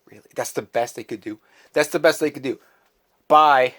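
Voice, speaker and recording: A man giving a casual vlog movie review, ranting with animated exasperation. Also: medium pitch, fast talker, slight background noise.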